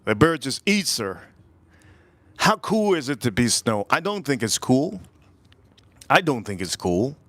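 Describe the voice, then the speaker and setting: A man's voice: medium pitch, very animated, a little slow, long pauses, bright, forceful tone, dry recording. A man hosting a live stream, rambling through stories and repeating himself as he talks to his chat. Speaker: livestream host.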